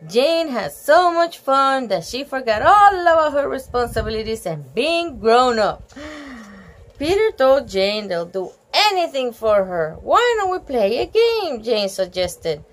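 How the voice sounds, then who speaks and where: A woman reading a picture book aloud and stopping often to gasp and chat about the pictures. Her voice is high and very lively in pitch. She reads at an unhurried pace. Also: poor audio. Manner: animated, gasps and exclaims over the pictures. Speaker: storybook reader.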